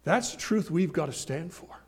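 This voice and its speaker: A man preaching a sermon, emphatic, slowing and swelling on key phrases, with folksy asides and homely examples. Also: on the high side, lively intonation, darkish tone, husky. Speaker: pastor.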